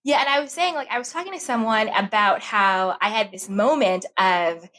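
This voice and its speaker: A woman's voice: medium pitch, moderate pace, rough recording. A woman guest on a podcast, talking casually and acting out the voices in her head as she tells a story. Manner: animated, acts out her own inner voice.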